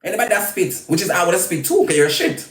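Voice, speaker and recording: A Jamaican woman ranting crudely on a live video, trading loud insults and singsong taunts. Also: fairly low pitch, expressive, fast talker. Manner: loud crude cussing, sing-song taunts. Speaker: social media personality. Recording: roomy echo.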